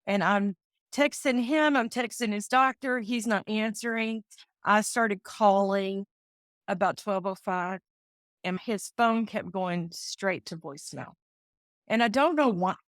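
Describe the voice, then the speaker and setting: A woman's voice: medium pitch, unhurried, no echo, studio quality. Heartfelt woman telling a personal story. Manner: heartfelt, acts out remembered dialogue. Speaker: real estate agent, guest. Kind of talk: emotional personal storytelling in an interview.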